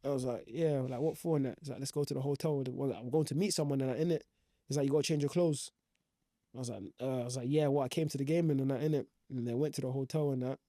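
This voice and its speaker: A man's voice: medium pitch, fairly even intonation, quick pace, dark tone, no echo, studio quality. A young man, recounting his football career in slangy, rambling casual talk full of fillers. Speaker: professional footballer guest. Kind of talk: casual storytelling.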